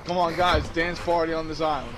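A man's voice: a little high, steady tone, fairly quick, a crowd in the background. A man joking and teasing his friends in casual chat while gaming. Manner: playful, teasing, chanting.

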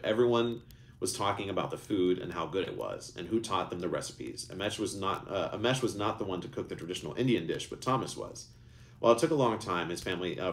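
A deep-voiced man reads his own book aloud in a live session. His pitch moves about a lot as he narrates, and he often trips over words and goes back to fix them. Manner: animated reading, raises pitch for characters, stumbles and restarts.

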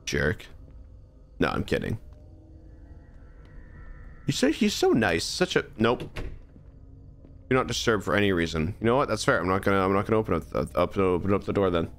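A man's voice: sits low, very animated, normal speed, pauses often, fairly bright tone. A young man streaming a horror game, chatting and joking to himself as he plays. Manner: chatty, jokey, talks to himself. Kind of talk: live gameplay commentary.

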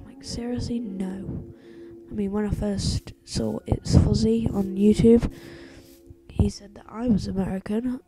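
A woman's voice: medium pitch, creaky. A teenage girl rambling hyperactively through gameplay commentary while feeling sick. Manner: hyper, rambling, says "like" a lot. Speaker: gaming YouTuber.

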